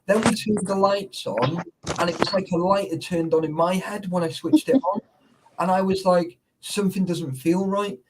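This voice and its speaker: A man's voice: sits high, a little hiss or hum, poor audio. A man, chatting loosely on a live stream. He rambles, circles back on himself and leans on fillers as he tells his stories. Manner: rambling storyteller, many fillers. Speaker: urban explorer host. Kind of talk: casual live-stream chat.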